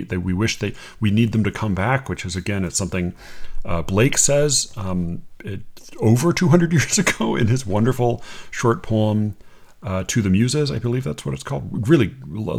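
A man hosting a podcast, talking casually and critically with exasperated swearing and halting restarts. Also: mid-range voice, darkish tone. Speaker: podcast host.

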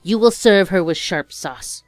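A woman's voice: on the low side, measured pace, no room sound, close to an everyday voice. A woman voicing a wicked old ogress queen in a storybook reading, giving cold, imperious commands. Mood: commanding.

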